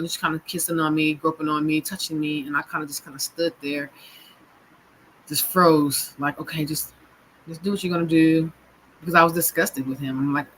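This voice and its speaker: A woman telling her own story of abuse as a personal testimony, in a halting way full of fillers and restarts. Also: deep voice, fairly bright tone, slight background noise, rough recording. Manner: halting, full of "you know" and "kinda" fillers.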